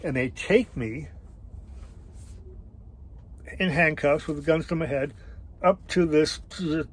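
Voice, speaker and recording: A middle-aged man casually telling a travel story, rambling and halting with many fillers and restarts. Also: a little high, low-quality recording. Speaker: travel vlogger.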